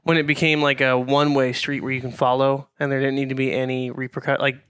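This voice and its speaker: Smooth-voiced young man rambling in casual chat. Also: medium pitch, little pitch movement, quick pace, a bit bright, no echo, studio quality. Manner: rambling, lots of fillers and restarts. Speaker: podcast co-host.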